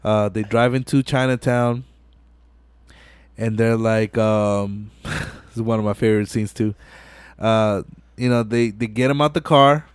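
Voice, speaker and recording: A man's voice: fairly low pitch, fairly even intonation, unhurried, clean tone, dry recording. A young man hosting a podcast, retelling a film scene by scene in a slangy, profane, casual way with lots of filler phrases. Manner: slangy and profane, keeps saying "you know what I'm saying". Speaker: podcast host. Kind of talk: casual movie recap chat.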